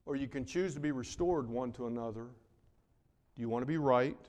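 A man preaching a sermon, swinging between loud emphatic lines and hushed, drawn-out words. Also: medium pitch. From North Carolina. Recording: long reverb of a large hall.

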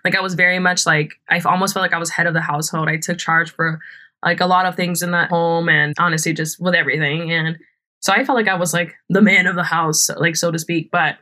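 A woman's voice: on the low side, steady tone, fast talker, sharp tone. A young woman hosting a podcast, telling a personal story casually, full of fillers, frequent laughs and free swearing. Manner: chatty, filler-heavy, swears freely, laughs often. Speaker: podcast host.

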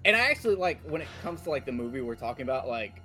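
A man's voice: medium pitch, animated, rapid-fire, sharp tone, soft background music. A man chatting casually as a guest on a podcast, laid-back and joking. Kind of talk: casual chat.

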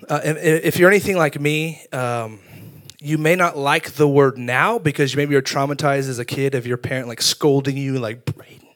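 A young man preaching a sermon, telling funny stories about himself with lively energy. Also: on the high side. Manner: animated storytelling with self-deprecating humor. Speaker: youth pastor.

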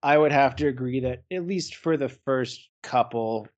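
A man's voice: mid-range voice, normal speed, dry recording, highs cut off. A man co-hosting a podcast, talking frankly and rambling in casual chat. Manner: rambling, frank, loose with swearing. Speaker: podcast co-host.

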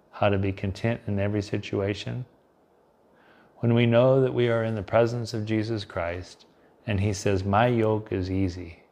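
A man delivering a devotional sermon with a gravelly, low-set voice. He speaks earnestly, swelling loud on key phrases and then sinking to a soft, hushed tone. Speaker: preacher.

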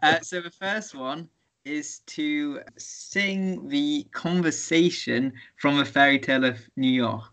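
A man's voice: on the high side, slow pace, a bit bright. A young man co-hosting a casual podcast chat, talking in a thoughtful, easygoing way. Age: young adult. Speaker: podcast co-host.

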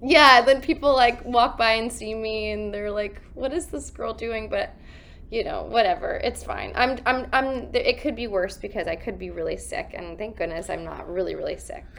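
A woman telling stories in a casual interview over a video call from a hotel room, animated and laughing, acting out her own lines while recovering from covid. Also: mid-range voice, moderate pace, gravelly, slight background noise. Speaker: actress guest.

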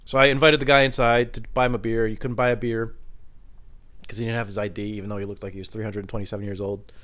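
A man's voice: on the low side, little pitch movement, fast talker, fairly bright tone. A man at home doing a rambling solo monologue, swearing a lot and cutting himself off mid-thought. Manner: profane, rambling, cuts himself off. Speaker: podcast host. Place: at home by the kitchen fridge.

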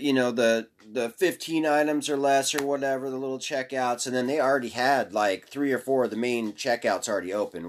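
A man hosting a podcast, chatting casually in a rambling way with cursing and frequent restarts. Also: mid-range voice. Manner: rambling, cursing, self-interrupting. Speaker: podcast host. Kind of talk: casual chat.

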